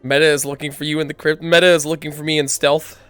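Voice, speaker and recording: A man streaming live, chatting casually and excitedly to his viewers before a roleplay. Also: a little high, fast talker, clean tone, faint music behind. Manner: excitable, loose and chatty with swearing. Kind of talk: casual livestream chat.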